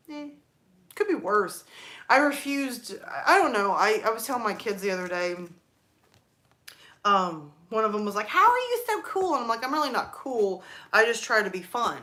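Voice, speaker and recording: A woman in her thirties hosting a live stream, chatting casually and rambling through stories about her kids and her mom. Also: mid-range voice. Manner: chatty, rambling, animated storytelling.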